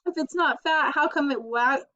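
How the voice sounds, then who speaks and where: A woman's voice: high-pitched, moderate pace, sharp tone, no room sound. A woman voicing a bossy, teasing teenage girl with a sassy, mocking manner, in a storybook reading. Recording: dull lo-fi recording.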